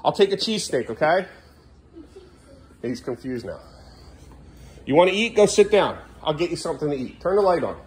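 A man with a notably high speaking voice scolds with worn-out exasperation. He hammers the same short commands again and again, sounding fed up. There is a faint hiss of noise behind him. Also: sing-song, normal speed, long pauses. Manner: exasperated, scolding, repeats himself. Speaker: vlogger. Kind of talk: casual vlog, scolding.

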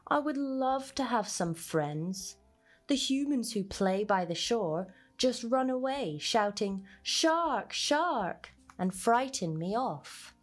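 Woman voicing a high, lively boy shark, cheeky and eager, storybook read-aloud over soft music. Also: slow. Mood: lonely. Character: cheeky playful young male shark.

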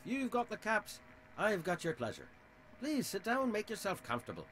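An actor with an Irish accent playing a sly, theatrical middle-aged saloon owner in a video game. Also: male voice, high voice, wildly swooping pitch, normal speed, fairly bright tone, a little hiss or hum, full character voice. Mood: welcoming. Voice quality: theatrical, smug and oily.

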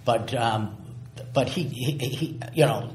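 A man's voice: mid-range voice, slow, darkish tone. A man, a guest telling stories in a casual interview, rambling and repeating words as he acts out old conversations. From Somerville, Massachusetts. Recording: echoey room.

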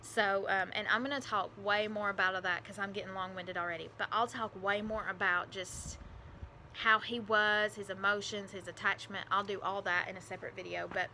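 Bright-voiced woman telling a heartfelt story. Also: medium pitch, steady tone, a little fast, slight background noise. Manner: emotional, rambling, with many fillers and restarts. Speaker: vlogger telling her adoption story. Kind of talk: casual personal storytelling.

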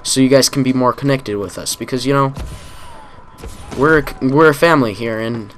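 A man's voice: mid-range voice, moderate pace, a bit bright, slight background noise. A man hosting a gaming channel, giving live commentary on a shooter match in a frustrated, ranting manner full of swearing. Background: game gunfire.

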